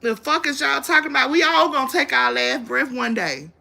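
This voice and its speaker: Profane ranting woman, high bright voice. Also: brisk, vocal fry. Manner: profane, confrontational, blunt. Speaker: livestream host. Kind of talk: ranting live-stream commentary.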